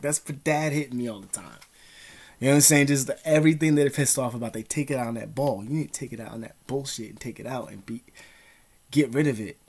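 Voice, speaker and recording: A man vlogging casual advice, rambling in profane street slang with many fillers. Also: mid-range voice.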